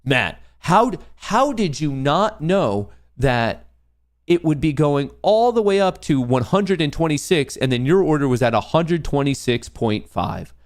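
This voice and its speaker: A man's voice: fairly high pitch, big pitch swings, a little slow. A young man hosting a live trading stream, ranting profanely at comments from his chat. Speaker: livestream trading host.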